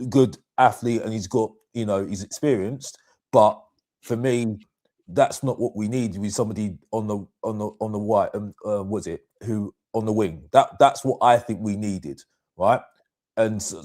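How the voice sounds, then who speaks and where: Guy with a lowish voice calling in about football, keeps circling back on his words. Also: darkish tone. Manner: searching for words, repeats phrases while building a point. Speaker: guest caller. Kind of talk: casual football chat.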